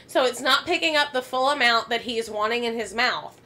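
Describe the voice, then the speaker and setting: A woman hosting a podcast, telling a story in a casual, animated way, laughing and swearing often. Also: fairly high pitch, a little fast. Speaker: podcast host.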